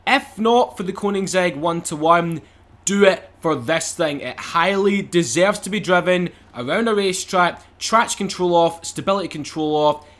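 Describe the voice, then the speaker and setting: Excitable high-voiced man commentating gameplay. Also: moderate pace. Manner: excitable, laughing, exclamatory. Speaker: gaming YouTuber.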